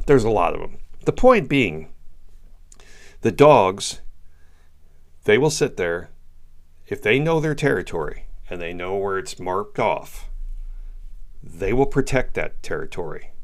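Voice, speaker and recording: A man, middle-aged, giving an opinionated commentary monologue and repeating his points for stress. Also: on the low side. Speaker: political commentator.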